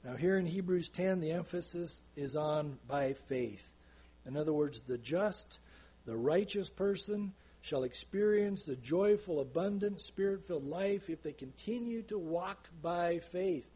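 Husky high-voiced man preaching earnestly. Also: warm tone. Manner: earnest preaching, slows down to stress scripture. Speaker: pastor. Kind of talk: sermon.

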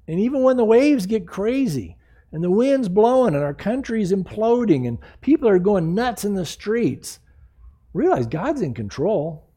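A man's voice: high-pitched, big pitch swings, a little slow, warm tone, breathy edge. A man in his sixties preaching a sermon in a conversational, jokey way, acting out the people he quotes. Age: 60s. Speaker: pastor.

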